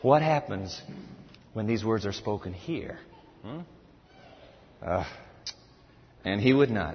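A man preaching a sermon from scripture, emphatic and animated, telling his listeners to write things down. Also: on the low side, takes it slowly, long pauses, a little hiss or hum. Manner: animated and emphatic, tells listeners to take notes. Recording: reverberant hall, dull lo-fi sound.

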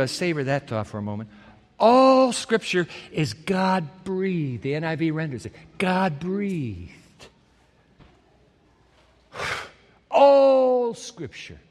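A man preaching a sermon emphatically, repeating key phrases and swinging from quiet to loud. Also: high voice. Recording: hall reverb.

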